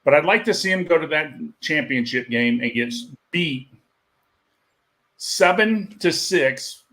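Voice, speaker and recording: A man's voice: a little high, lively intonation, measured pace, fairly bright tone. A man giving blunt, opinionated takes in a casual sports chat. He talks plainly and often chuckles mid-sentence. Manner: opinionated, laughs while talking.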